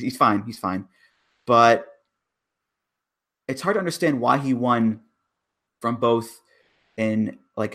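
A man's voice: medium pitch, fairly bright tone. Guy cohosting a podcast, opinionated, hits the big words hard, lots of like. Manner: opinionated, building arguments with stressed words. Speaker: podcast co-host. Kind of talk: casual chat.

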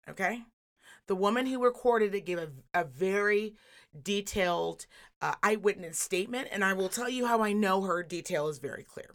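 A podcast co-host tells a story in casual chat, swearing freely and staying animated as she acts out the people she quotes. Her voice is medium-pitched and she talks at a normal speed.

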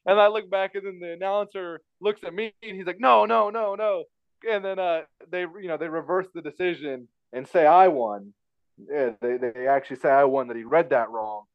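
A man with a high voice rattles through a personal story at a quick clip, circling back and repeating himself. The sound is dry and a little dull, recorded close with no room around it. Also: steady tone, clean tone, no echo. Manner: rambling, repeats himself, frequent fillers. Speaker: podcast guest telling a story. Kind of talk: casual storytelling chat.

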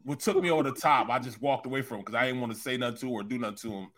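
A middle-aged man co-hosting a sports talk show, telling a story with animated, joking exasperation. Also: medium pitch, racing. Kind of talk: casual sports talk banter.

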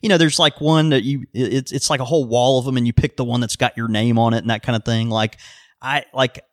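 A man co-hosting a podcast, telling stories in a relaxed, self-mocking way. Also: medium pitch, fast, no echo, clean studio sound. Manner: laid-back, self-mocking storyteller. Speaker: podcast co-host. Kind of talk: casual chat.

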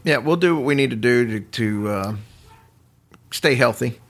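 A man hosting a podcast, telling a story in casual chat with lively asides and chuckles. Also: mid-range voice. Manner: animated, quick asides and chuckles. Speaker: podcast host.

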